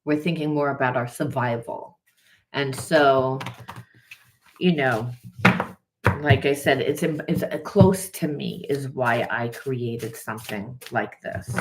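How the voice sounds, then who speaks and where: A woman's voice: rumbling low, takes it slowly, background noise. A woman spiritual coach talking through a tarot reading in an earnest, conversational way, often repeating herself. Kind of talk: casual tarot reading monologue.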